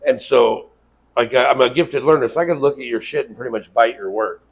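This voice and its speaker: A man's voice: mid-range voice, brisk, creaky, breathy edge, poor audio. A man who owns a tattoo shop, telling loose, profane stories in a casual interview and acting out what people said to him. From Las Vegas. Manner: loose, profane storytelling with acted-out quotes. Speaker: tattoo shop owner, guest.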